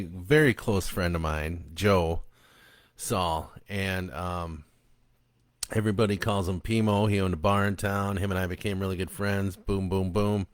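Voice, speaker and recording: A man's voice: lowish voice, no echo, studio quality. A man, the author, reading his own book aloud after a casual, chatty introduction full of ums and uhs.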